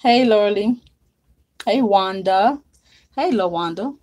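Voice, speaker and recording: A woman's voice: medium pitch, expressive, slow, darkish tone. Woman, livestream host, casual chat, drawling, greets viewers by name, at home. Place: home, at her makeup desk.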